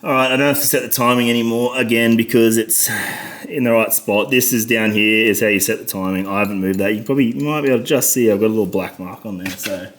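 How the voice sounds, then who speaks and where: A man's voice: fairly low pitch, steady tone, quick pace. An Australian man talking through a motorcycle repair as he works, muttering and swearing constantly out of frustration. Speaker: motorcycle mechanic vlogger. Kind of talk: casual workshop commentary.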